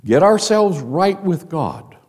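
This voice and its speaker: Guy pastor preaching, swings his voice up and down a lot, kinda high-ish, emphatic rhetorical questions. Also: big pitch swings, slow, a little mellow, breathy edge. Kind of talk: sermon.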